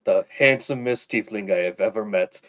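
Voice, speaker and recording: A fond, theatrical sylvan showers his friends with endearments, voiced by a man. The voice sits low, from a tabletop game. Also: moderate pace, fairly bright tone, natural voice. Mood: doting. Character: doting older male sylvan, fond and theatrical.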